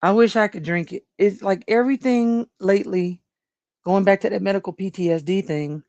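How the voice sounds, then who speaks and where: A woman's voice: medium pitch, moderate pace, darkish tone, dry recording. Chatty woman livestream host, rambles and laughs a lot and talks to chat; dry, dull home recording. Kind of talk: casual livestream commentary.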